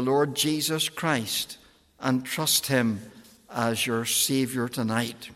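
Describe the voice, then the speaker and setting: A man's voice: medium pitch, fairly bright tone. A man preaching an evangelistic sermon, pleading emphatically with phrases that rise and fall. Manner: slow, emphatic pleading with soaring and falling phrases. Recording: long hall reverb.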